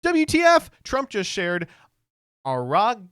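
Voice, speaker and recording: Sarcastic man with a smooth voice. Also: high-pitched, huge pitch swings, takes it slowly, a bit bright, no echo, studio quality. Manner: sarcastic, profane, stammering restarts. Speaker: streamer and political commentator. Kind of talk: casual live-stream commentary.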